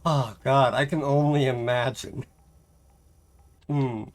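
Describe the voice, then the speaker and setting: A man's voice: mid-range voice, steady tone, slow. A man streaming a game live, chatting casually in a rambling, self-mocking way and laughing often.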